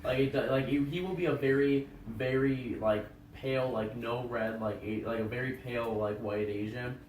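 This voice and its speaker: A hoarse man who is losing his voice, co-hosting a casual podcast and telling stories lively, acting out what others said. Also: mid-range voice, moderate pace. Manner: animated storyteller who acts out quotes. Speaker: podcast co-host. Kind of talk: casual chat. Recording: echoey room, distant mic, faint hum.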